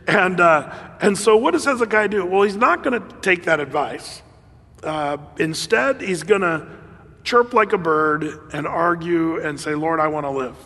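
High-voiced preacher in a reverberant hall. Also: male voice, measured pace. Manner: conversational, animated, with laughs and fillers. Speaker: pastor. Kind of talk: sermon.

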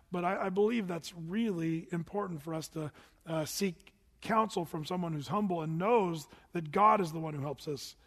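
A middle-aged man preaching a sermon in an animated, conversational way with touches of humor. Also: sits high, in a large hall. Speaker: pastor.

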